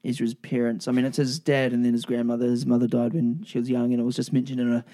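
Mellow New Zealand man, joking. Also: mid-range voice, little pitch movement, fast. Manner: joking, swears freely, laughs often. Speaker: podcast co-host. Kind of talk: casual chat. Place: flat, indoors.

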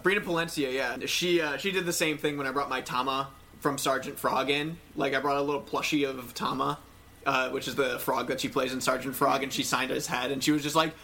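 A man's voice: mid-range voice, steady tone, brisk, creaky, pushed and bright, a little hiss or hum. A man hosting a casual podcast chat, cheerful and asking the others questions. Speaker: podcast host.

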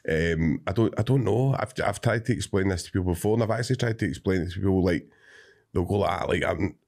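Deep-voiced, hesitant man. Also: fast, creaky, darkish tone. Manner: hesitant, searching for words. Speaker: podcast host. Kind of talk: casual interview.

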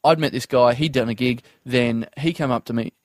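A man's voice: mid-range voice, fairly quick, dry recording, studio quality. A man telling a comedy story in casual podcast chat, acting out quoted voices and laughing often.

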